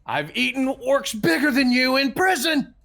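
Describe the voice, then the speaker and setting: A man playing a brash male adventurer who shouts threats at an orc in a tabletop game. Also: very high-pitched, big pitch swings, normal speed, vocal fry, faint music behind, pitched above the performer's own voice, full character voice. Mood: menacing shout. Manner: shouting, menacing. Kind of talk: tabletop role-play.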